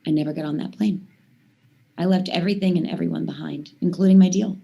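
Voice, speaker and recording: A woman in her thirties, a singer guesting on a talk show, spins long rambling stories in casual chat, packed with "I mean" and "like." Her voice is lowish, steady in tone, gravelly and mellow, and she talks fast.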